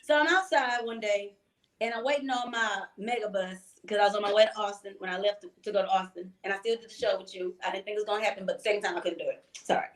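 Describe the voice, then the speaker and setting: A woman, co-hosting a podcast and telling stories in an animated, chatty way with frequent laughs. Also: mid-range voice, fast talker. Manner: animated, chatty storyteller who laughs often. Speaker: podcast co-host. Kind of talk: casual chat, storytelling.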